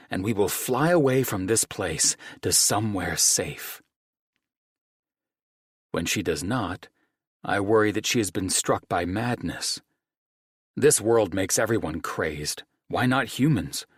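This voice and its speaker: Brooding possessive male dragon, read by a man; husky, animated delivery, dry booth sound. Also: mid-range voice, dry recording, full character voice. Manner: grave, measured, formal phrasing. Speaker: audiobook narrator. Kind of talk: first-person audiobook narration.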